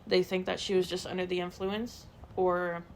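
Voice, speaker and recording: A woman's voice: on the low side, level tone, normal speed, a little hiss or hum. A woman co-hosting a podcast, casually retelling true-crime stories with lots of fillers and quoted asides. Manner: chatty storyteller, many fillers and quoted asides. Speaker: podcast co-host.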